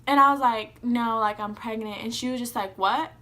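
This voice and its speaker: A young adult woman tells a personal story in a casual vlog, rambling, swearing casually and filling her sentences with "like." Her voice is on the high side, pushed and bright. She speaks at normal speed.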